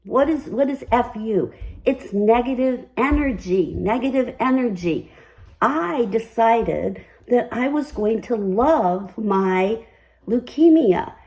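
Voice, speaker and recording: A woman's voice: on the high side, expressive, takes it slowly, mellow, low-quality recording. An older woman hosting a personal commentary, telling her story in an emphatic, upbeat way. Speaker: commentary host.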